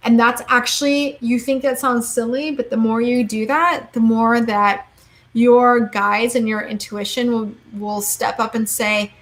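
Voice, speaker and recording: A young woman reading tarot cards in a casual live-stream chat, quick and chatty, saying "like" and "okay?" a lot. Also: a little high, steady tone. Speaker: tarot card reader.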